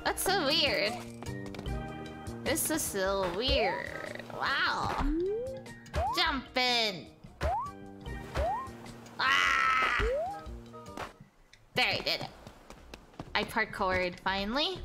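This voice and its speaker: A woman VTuber streaming a game, excitable and bubbly, reacting with playful outbursts. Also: on the high side, extremely slow, creaky, pauses often, over loud music. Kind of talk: gameplay live stream.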